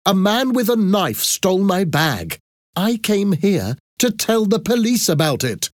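A man reading an audiobook and voicing a frightened but brave young woman tourist in a husky voice. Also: fairly low pitch, very animated, measured pace, darkish tone, dry recording, clean studio sound, full character voice. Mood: upset, pleading.

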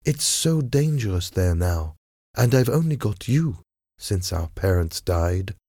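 A man voicing a sorrowful young woman who pleads softly with her brother in a storybook reading. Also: low voice, big pitch swings, husky, no room sound, studio quality, heavily acted. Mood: pleading sadly. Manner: soft, pleading, drawn-out.

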